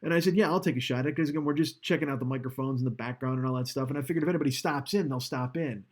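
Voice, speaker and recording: A man's voice: mid-range voice, rapid-fire. A man hosting a casual live stream, rambling and swearing with self-mocking humor while leaning back from his microphone. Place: home streaming setup, indoors. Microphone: studio microphone, leaning back from it.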